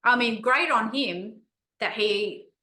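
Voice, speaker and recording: A woman's voice: a little high, slow pace, pushed and bright. Supportive woman host in a roomy space. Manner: supportive, reflective, with many fillers and restarts. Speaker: podcast host and interviewer. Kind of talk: interview conversation. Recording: roomy echo.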